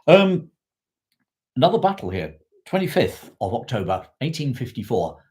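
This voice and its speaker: A man's voice: mid-range voice, sing-song, normal speed, darkish tone. A man talks history to a live online audience in an unscripted, meandering way. He restarts sentences, corrects his own slips and stops to thank viewers from the chat. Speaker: history livestream host.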